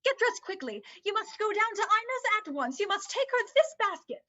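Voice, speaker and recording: Woman playing a flustered fussy mother, very high and bright, swooping voice, lo-fi sound. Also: sing-song, fairly quick, full character voice. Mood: bustling. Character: flustered, fussing middle-aged mother. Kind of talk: amateur online dramatic reading. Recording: dull lo-fi sound.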